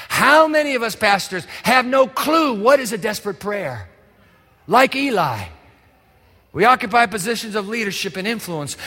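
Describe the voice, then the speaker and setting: In a large hall with long reverb, a male pastor with a high, sharp-toned voice pleads passionately through his sermon, posing rhetorical questions to the congregation.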